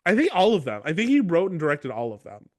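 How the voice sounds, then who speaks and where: Podcast co-host, male, high voice, dry close sound, animated storyteller who acts out scenes. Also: fast talker, no echo. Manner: excitable storyteller, acts out lines, laughs often. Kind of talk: casual chat, retelling a movie plot.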